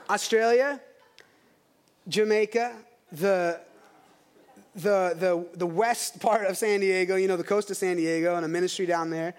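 A man in his thirties preaching a sermon, telling stories with energy and acting out the voices of people in them. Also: high voice. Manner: animated storytelling, acts out quoted voices. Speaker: pastor.

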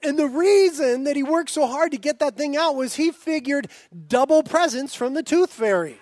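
A man's voice: extremely high pitch, normal speed, few pauses, a little mellow, no room sound. A man in his thirties preaching a sermon as pastor, earnest and building to fervent emphasis.

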